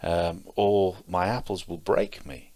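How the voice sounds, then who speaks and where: A man's voice: sits low, flat delivery, takes it slowly, darkish tone, no room sound. A man voicing a talking apple tree in a fairy tale, calling out in a sing-song, pleading way.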